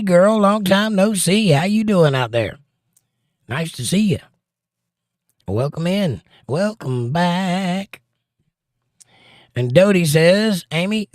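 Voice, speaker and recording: A man's voice: on the high side, no room sound, studio quality. A middle-aged man hosting a live stream, reading viewer comments aloud with wry, teasing banter. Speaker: livestream host reading chat. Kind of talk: casual live-stream chat.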